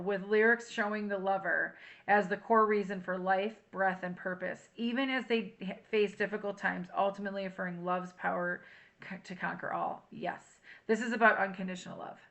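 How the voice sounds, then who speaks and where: A woman's voice: mid-range voice, fairly bright tone. A woman doing a casual tarot reading to camera, chatty and emotional, reading song lyrics aloud. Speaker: tarot reader.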